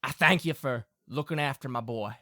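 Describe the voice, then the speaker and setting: A man's voice: mid-range voice, normal speed, pushed and bright, no room sound, studio quality, close to an everyday voice. A man voicing a burly, balding older farmer father with a Southern accent, folksy and hearty. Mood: earnest.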